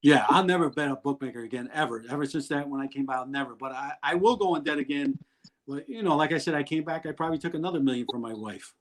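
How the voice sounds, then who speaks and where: A man's voice: on the high side, fast, low-quality recording. A middle-aged man speaking over a video call with a slightly raised voice. He rambles bluntly through his stories and keeps laughing at himself along the way. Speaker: guest. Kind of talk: candid storytelling in an interview.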